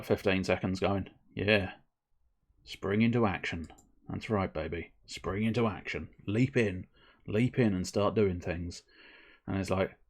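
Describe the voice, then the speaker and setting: A man streaming a video game, chatting casually with viewers in a rambling, self-mocking way. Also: on the low side. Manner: rambling, self-mocking, breaks into silly voices. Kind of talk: casual live game commentary.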